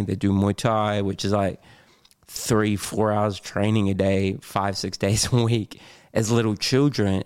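A man's voice: lowish voice, clear, resonant tone. A middle-aged man, a podcast guest talking candidly, laughing often and swearing casually. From New Zealand. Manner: animated storyteller, swears, laughs often, acts out his own lines.

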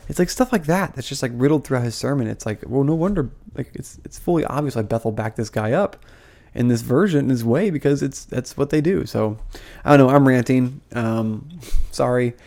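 A man's voice: mid-range voice, fairly quick, creaky, a little mellow. A young man giving casual, heated commentary to camera as a vlogger, full of fillers, restarts and frustrated asides. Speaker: vlogger, former ministry school student.

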